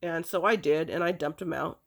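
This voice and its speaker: A woman telling a personal story in a rambling, halting way, chuckling now and then. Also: low voice.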